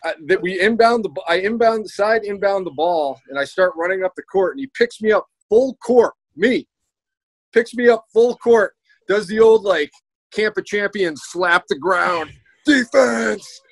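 A former basketball player telling an animated story and acting out what was said. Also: male voice, sits high, normal speed, no room sound, rough recording. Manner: animated, acts out quotes. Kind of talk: casual storytelling.

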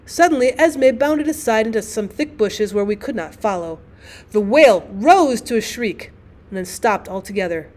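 A woman teacher reading a classic short story aloud as an audiobook, with expressive, dramatic storytelling. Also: a little high, normal speed.

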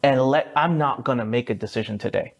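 A man in his thirties, an entrepreneur guest in a podcast interview, telling his story with animated energy and a casual, sometimes swearing manner. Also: a little fast, creaky, muffled recording. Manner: lively, swings up high for quoted voices, mild swearing.

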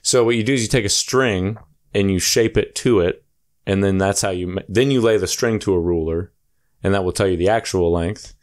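A young man with an ordinary mid-pitched voice, talking bluntly and casually on a podcast. He swears a lot and keeps things offhand and loose. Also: fairly quick, a little mellow. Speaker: podcast co-host. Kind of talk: casual crude banter.

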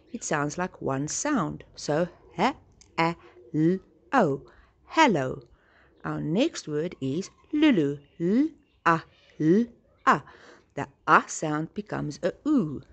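A woman teacher giving a slow spelling lesson to young children, spelling words letter by letter and encouraging them. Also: sits low.

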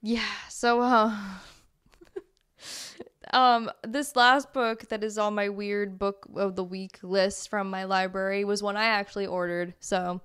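Smooth-voiced chatty woman from Massachusetts. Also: mid-range voice, little pitch movement, takes it slowly, a bit bright. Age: adult, married. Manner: chatty, wry, reads book blurbs aloud. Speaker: podcast co-host, librarian. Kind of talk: casual chat.

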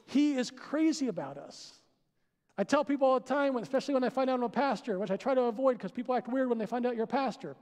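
A man preaching a sermon as pastor, animated and putting questions to his listeners. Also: very high voice, fast. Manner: animated, asks the crowd questions. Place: church sanctuary. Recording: long hall reverb.

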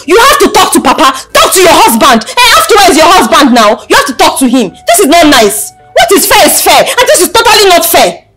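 A woman's voice: very high-pitched, sing-song, a little fast, a bit bright, soft background music, exaggerated voice. A young woman with a Nigerian accent playing an indignant daughter who pushes her point with rhetorical questions. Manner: emphatic, fires off rhetorical questions.

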